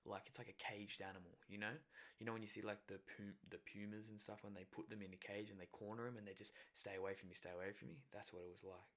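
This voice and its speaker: A man's voice: fairly low pitch, level tone, fast talker, a bit bright. A man casually recounting a personal experience, rambling with many fillers and self-corrections. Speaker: storyteller.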